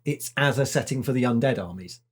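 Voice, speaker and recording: A man's voice: medium pitch, expressive, a little fast, slightly rough. A man co-hosting a book club podcast, rambling in a casual chat full of restarts. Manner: rambling, with many restarts and "like"s, chuckling.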